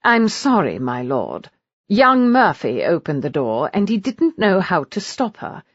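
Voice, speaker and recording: Woman doing a stuffy disapproving butler, formal and stiff, lowish voice, dry audiobook. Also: huge pitch swings, measured pace, dry recording, lo-fi sound, heavily acted. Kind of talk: audiobook character reading.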